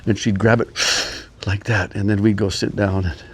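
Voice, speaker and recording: A man's voice: fairly low pitch, little pitch movement, slightly rough. An older man telling rambling personal stories in a casual, meandering way, chuckling often. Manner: meandering, chuckling, many pauses. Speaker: storyteller. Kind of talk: casual storytelling.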